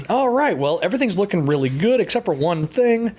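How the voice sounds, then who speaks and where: A man's voice: high-pitched, sing-song, moderate pace, darkish tone, husky. Laid-back man narrating his workshop build. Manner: laid-back, chuckles often, many fillers. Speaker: hobby frame builder and vlogger.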